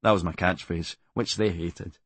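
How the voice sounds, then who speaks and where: A Scottish man reading his own comic memoir in a deadpan, darkly funny delivery. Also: deep voice, moderate pace, breathy edge, dry recording. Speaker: comedian narrating his memoir.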